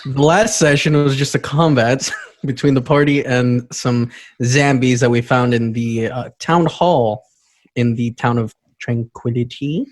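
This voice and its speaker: A man's voice: mid-range voice, steady tone, measured pace, a little hiss or hum. A man playing in a tabletop game, hesitant and laughing as he stumbles into a recap. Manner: hesitant, laughing through his words. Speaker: player. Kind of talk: casual tabletop game chat.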